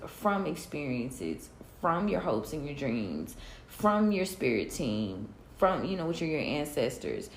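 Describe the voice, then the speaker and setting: Low, gravelly Southern woman chatting. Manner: laid-back, chatty, laughs often, drawls. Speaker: podcast host. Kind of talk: casual solo podcast chat. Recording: roomy echo, faint room noise.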